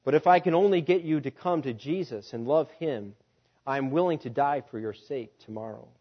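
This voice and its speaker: A man's voice: mid-range voice, moderate pace, close to an everyday voice. Guy doing a humble devoted field preacher, earnest and pleading, folksy talk, muffled audio.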